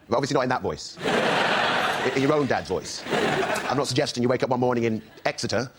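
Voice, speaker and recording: A male comedian doing a stand-up routine on a panel show, shouting character voices in his anecdotes. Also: medium pitch, fast talker, long pauses. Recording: noisy studio.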